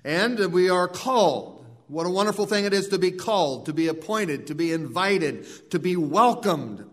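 Earnest male preacher, slightly high voice. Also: fairly bright tone. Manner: earnest preaching with repeated words and restarts. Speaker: pastor. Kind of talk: sermon.

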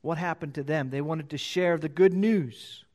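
A pastor preaching a sermon, reading scripture aloud and repeating key phrases for emphasis. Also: male voice, normal speed. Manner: reads scripture louder and higher, then drops low to explain.

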